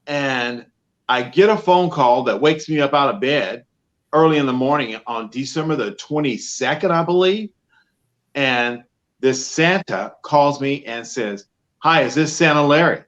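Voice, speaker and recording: A man's voice: medium pitch, unhurried. A man talking casually as an interview guest on a muffled lo-fi line. He tells his stories with animation and plays out each side of the conversations he recalls. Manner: animated storyteller, acts out both sides of phone calls. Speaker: professional Santa Claus, guest.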